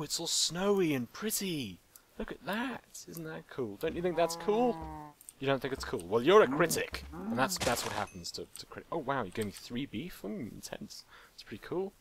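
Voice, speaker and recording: A man's voice: mid-range voice, background noise. A young man hosting a let's play, rambling playfully and joking with the animals in the game. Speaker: gaming channel host.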